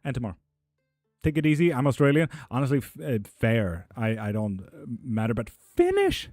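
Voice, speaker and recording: A young man chats loosely on a home live stream, reading viewer messages aloud and swearing freely as he jokes along. His voice sits at an ordinary male pitch, and the sound is dry and close. Soft music plays faintly behind him. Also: steady tone, fairly quick, no room sound. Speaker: streamer giving tarot readings. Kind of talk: casual live-stream chat.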